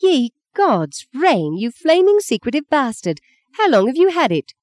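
A reader voicing Justine, a sharp-tongued, quick-tempered young actress, in an audiobook. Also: animated, no echo, studio quality, close to an everyday voice. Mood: furious. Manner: high, indignant outbursts. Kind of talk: audiobook character voice.

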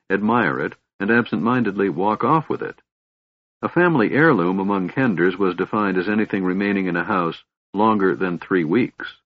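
Deep, husky male fantasy narrator. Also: no echo. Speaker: audiobook narrator. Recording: dull, lo-fi dry audiobook recording.

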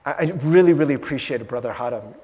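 A fast-talking male pastor with a mid-range voice preaches conversationally and with animation, often asking "right?". He's in a church sanctuary, and the sound has the long reverb of a large hall.

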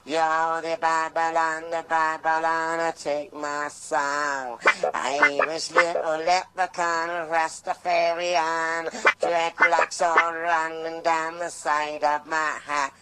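A man voicing a boastful, mischievous male Rastafarian Irish leprechaun in a slow, low, half-sung patter over faint guitar. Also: steady tone, pushed and bright, full character voice. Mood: laid-back boasting. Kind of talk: improvised comic song. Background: faint acoustic guitar.

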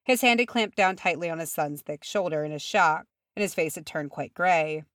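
Woman audiobook reader, low voice, even storytelling, dry close mic. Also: moderate pace, no echo. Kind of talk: fan fiction narration.

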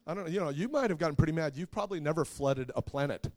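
A man preaching to a congregation in a relaxed, conversational sermon. He keeps it light with jokes and asks his listeners questions as he goes. His voice sits a little higher than most men's. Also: rapid-fire. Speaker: pastor.

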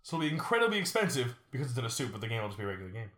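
A young man trading jokes and stories on a casual podcast, his pitch bouncing around as he talks quickly. His voice carries a noticeable room echo. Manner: joking, animated storyteller. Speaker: podcast co-host. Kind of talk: casual chat. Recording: roomy echo.

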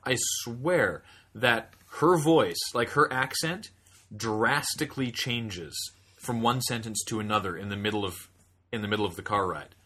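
Young male co-host, low bright voice, loose rambling chat with laughs. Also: a little slow, husky. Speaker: podcast co-host. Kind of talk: casual chat.

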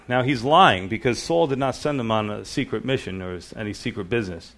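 A pastor giving a relaxed evening Bible sermon, retelling the story casually with lots of "you know.". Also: male voice, on the low side, a little fast, few pauses.

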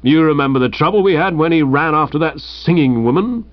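A man voicing a hearty, brusque older woman with a loud ringing voice. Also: on the high side, animated, a little fast, no echo, dull audio, lightly acted.

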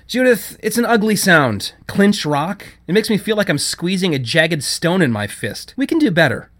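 A man's voice: fairly high pitch, very animated, brisk, a bit bright, pitched above the performer's own voice. A man reading a story, voicing a poised, prim young woman who is dismissive and condescending.

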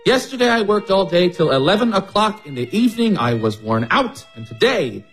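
An actor playing a fussy, cheerful, self-pleased middle-aged schoolteacher in a radio drama. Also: male voice, sits high, sing-song, fairly quick, a bit bright, faint music behind, full character voice. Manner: chatty and fond of his own sayings.

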